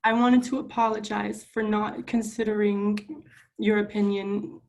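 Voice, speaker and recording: A young woman student senator giving a public apology at a meeting, earnest and halting, close to tears. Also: medium pitch, little pitch movement, vocal fry, a little mellow. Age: young adult. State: near tears.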